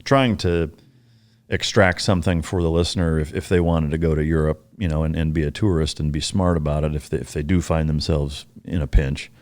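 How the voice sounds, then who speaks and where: A man's voice: very deep voice, fairly even intonation, brisk, darkish tone, no echo. A man hosting a podcast in casual interview chat, laid-back, with short agreements and casual swearing. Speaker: podcast host.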